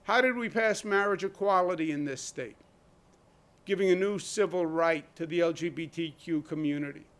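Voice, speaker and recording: New governor guy, 60s, higher-pitched voice, punchy short lines, lots of rhetorical questions. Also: moderate pace, a bit bright. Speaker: state governor at a press briefing. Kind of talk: impassioned political speech.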